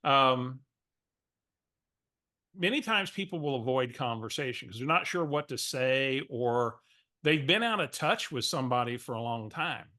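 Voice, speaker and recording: A man coaching, telling a lively story and acting out a phone call. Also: mid-range voice, unhurried. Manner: animated storyteller, acts out phone calls.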